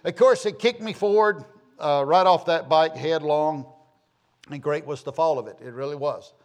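A man's voice: on the high side, normal speed. A middle-aged man from the southern United States tells a rambling, homespun personal story with self-deprecating humor.

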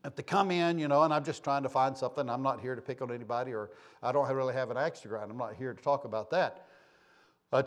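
A man preaching a sermon in a church, folksy and conversational, teasing members of his congregation. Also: mid-range voice. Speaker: pastor. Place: church sanctuary.

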